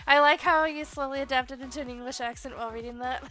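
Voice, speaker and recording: A woman's voice: high-pitched, steady tone, fast talker, a bit bright. An American woman streaming while she colors, chatting in a rambling, casual way and swearing now and then. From United States.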